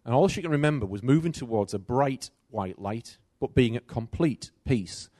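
A middle-aged man's sermon, delivered at a moderate pace, features a personal story and swings from loud to soft. His pitch moves up and down in a lively way. The audio is dry and close, without room sound.

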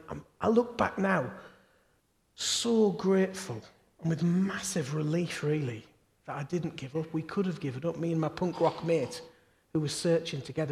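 Preacher in a reverberant hall. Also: male voice, a little high. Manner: chatty, jokey anecdotes with rhetorical questions. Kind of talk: storytelling sermon. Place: church. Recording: long reverb of a church hall.

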